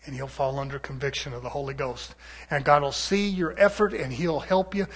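Husky-voiced fervent preacher man. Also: a little fast. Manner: fervent, rising to shouts then dropping low. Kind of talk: sermon.

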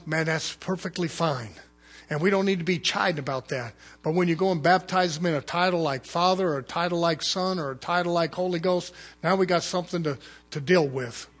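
Man preaching, fervent sermon, husky voice, slightly high pitch, loud then hushed. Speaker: pastor.

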